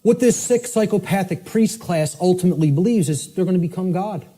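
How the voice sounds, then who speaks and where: A man giving a forceful, emphatic lecture, often checking in with "okay?" and spelling words out letter by letter. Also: high-pitched, fairly quick.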